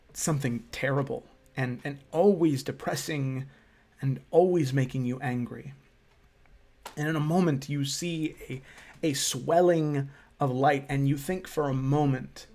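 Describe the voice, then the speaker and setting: A man's voice: mid-range voice, creaky, darkish tone. A man narrating a tabletop fantasy game as game master, describing scenes with hesitant restarts. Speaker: dungeon master.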